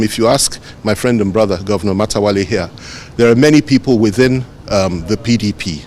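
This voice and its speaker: A man with a Nigerian accent, a politician answering reporters' questions outdoors in a measured, emphatic way, repeating phrases for stress. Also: medium pitch, a little hiss or hum. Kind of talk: press interview answers.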